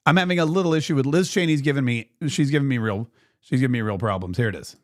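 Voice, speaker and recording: A man's voice: medium pitch, quick pace. A man hosting a talk show, opinionated and mocking, fumbling with clips on air. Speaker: radio talk show host.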